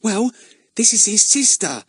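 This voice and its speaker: A man's voice: high voice, big pitch swings, normal speed, dry recording, clean studio sound, voice pushed up. A man voicing Ern, an anxious, earnest boy eager to please, in a storybook reading. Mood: eager pleading.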